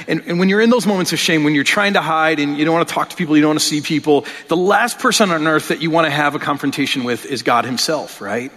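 A man's voice: on the high side, fast talker, hardly any pauses, a bit bright. A man preaching a sermon in a conversational way, often repeating words as he restarts and asking rhetorical questions. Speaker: pastor. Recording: long hall reverb.

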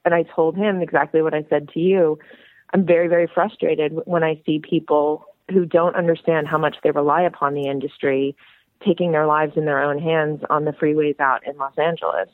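A woman's voice: deep voice, a little fast, no room sound. A woman filmmaker, a friendly and outgoing talker, telling her story as a guest in a phone interview. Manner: chatty, outgoing, animated storyteller. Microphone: telephone. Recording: tinny phone line.

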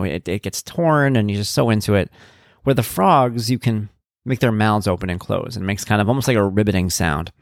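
A man's voice: fairly low pitch, no room sound, studio quality. A man talking casually and earnestly as a father about raising his son, in a reflective way. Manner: earnest and reflective, with frequent "you know". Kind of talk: casual personal talk.

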